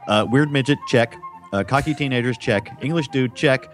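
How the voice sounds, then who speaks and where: A man's voice: medium pitch, moderate pace, faint music behind. A man co-hosting a casual movie podcast, making wry, sarcastic remarks. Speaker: podcast co-host. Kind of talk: casual film podcast chat.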